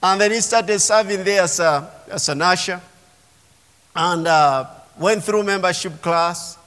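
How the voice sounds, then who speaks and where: A man's voice: high voice, measured pace, fairly bright tone. A man preaching a sermon as pastor, emphatic and calling on the congregation to respond. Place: church sanctuary. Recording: long reverb of a large hall.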